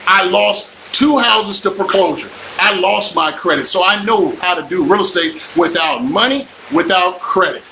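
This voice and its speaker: Emphatic older man, bright, high voice. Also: normal speed, gravelly, hardly any pauses, slight background noise, poor audio. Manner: preachy, emphatic, repeats lines for effect. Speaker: real estate investor and coach. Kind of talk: motivational live stream pitch.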